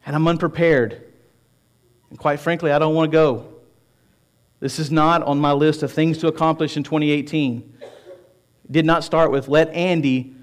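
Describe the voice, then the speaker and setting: Man in his forties preaching, self-deprecating. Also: on the high side. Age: 40s. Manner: conversational preaching, self-deprecating, rising to emphatic passages. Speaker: pastor. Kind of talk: sermon. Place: church stage.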